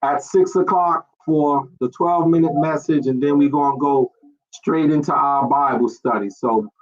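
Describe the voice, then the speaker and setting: A man, a pastor, preaches an online sermon at normal speed in a voice on the high side, posing rhetorical questions and repeating phrases. The stream audio is dull and lo-fi.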